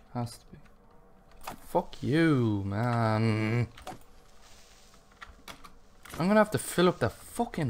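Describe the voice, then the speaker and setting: Male let's play gamer, frustrated and foul-mouthed, very animated delivery. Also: fairly low pitch, slight background noise. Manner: swears constantly, frustrated outbursts at the game.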